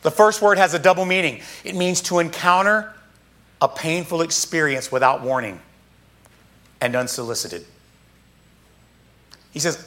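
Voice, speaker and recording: A man preaching a sermon, reading scripture aloud and explaining it in an emphatic, casual way with quick asides. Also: a little high, a bit bright.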